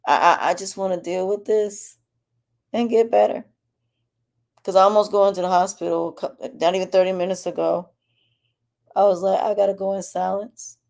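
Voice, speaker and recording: A woman's voice: mid-range voice, steady tone, normal speed, gravelly, pauses often, a little mellow. A woman podcast host with a sore, swollen throat, speaking candidly in a rambling personal update. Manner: candid, rambling, with frequent restarts. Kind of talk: personal health update monologue.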